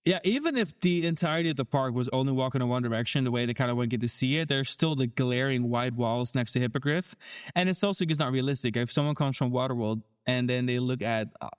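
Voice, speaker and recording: A man co-hosting a theme park podcast, talking in a casual, animated and critical way with frequent restarts. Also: mid-range voice, fast talker, clear, resonant tone. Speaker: podcast co-host.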